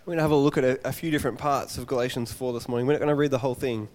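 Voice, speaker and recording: A man preaching a Father's Day sermon, an animated storyteller who acts out the voices of his characters. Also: mid-range voice, racing, big-room sound.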